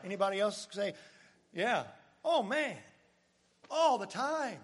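An older man preaching a sermon, swinging from loud exclamations to hushed near-whispers, with joking asides to the congregation. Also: high voice, animated, normal speed. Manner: jokey asides with chuckles to the congregation. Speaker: pastor. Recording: long hall reverb.

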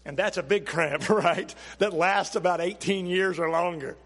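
A man preaching a sermon as pastor, animated and asking his listeners questions. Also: sits high, normal speed, in a large hall. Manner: animated, questioning the audience, acts out quotes.

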